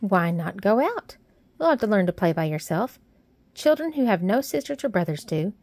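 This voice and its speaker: A woman's voice: medium pitch, very animated, moderate pace, a little mellow, no echo. Woman doing a chatty young Yorkshire maid. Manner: friendly, plain-spoken, chatty. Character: cheerful plump young Yorkshire housemaid girl.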